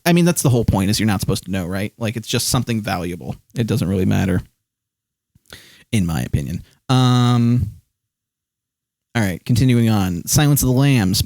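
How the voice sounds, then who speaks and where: A man talking at a middle pitch on a live stream, with a dry, close sound that has no room in it. He rambles about films in a relaxed way, stopping often for ums and uhs, and reads viewers' comments aloud as he goes. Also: dry recording. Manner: rambling, many fillers, reads chat aloud. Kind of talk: casual live-stream chat.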